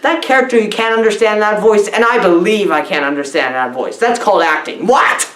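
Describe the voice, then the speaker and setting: A woman's voice: mid-range voice, brisk. Sarcastic woman rambling in an echoey room. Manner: mock-earnest and sarcastic, with deadpan asides. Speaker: comedic film reviewer. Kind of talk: comedic rambling film review.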